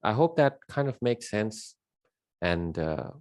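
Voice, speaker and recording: A man's voice: fairly low pitch, sing-song, slow, darkish tone, no echo, studio quality. A man giving an unscripted spiritual monologue, emphatic and rambling, repeating his key words with many fillers. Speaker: spiritual teacher.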